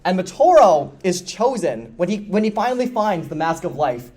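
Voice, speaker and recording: A man speaking at a convention panel, enthusiastically explaining a story's lore with quick jokes. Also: sits high, very animated, a little mellow. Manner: fast, enthusiastic, self-deprecating jokes. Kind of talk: energetic lore explainer talk.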